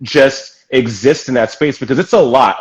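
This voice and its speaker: A man hosts a relaxed interview with an emphatic, encouraging delivery. His voice sits at an ordinary middle pitch for a man, and he cheers his guest on warmly as he talks. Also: normal speed, low-quality recording. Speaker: podcast host. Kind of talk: casual interview chat.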